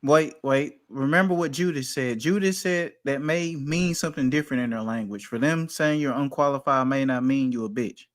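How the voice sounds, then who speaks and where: A man's voice: medium pitch, normal speed, few pauses. A man co-hosting a movie podcast, teasing and joking in casual chat. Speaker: podcast co-host.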